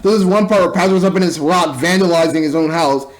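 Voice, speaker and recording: A man's voice: a little high, quick pace, poor audio. A young man giving a rambling, exasperated movie review, stumbling and repeating words as he talks. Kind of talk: casual spoken movie review.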